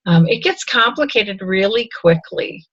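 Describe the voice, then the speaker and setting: A woman's voice: mid-range voice, lively intonation, unhurried, fairly bright tone, dry recording, highs cut off. A middle-aged woman hosting a casual interview, chatty, with many fillers and restarts. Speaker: host.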